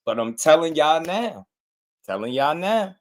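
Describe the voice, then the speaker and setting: A man's voice: on the high side, big pitch swings, a little slow. Laughing man hosting a boxing livestream. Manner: laid-back, laughs often, shouts out viewers by name. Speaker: boxing channel host. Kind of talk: casual livestream chat.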